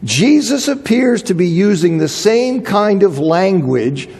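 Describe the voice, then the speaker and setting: A high-pitched man gives a Bible lecture with a gravelly, husky edge to his voice. He leans on repetition for emphasis, and his words ring with the long echo of a large hall. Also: big pitch swings, slow, a little mellow. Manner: emphatic, repeats phrases for emphasis. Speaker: Bible teacher.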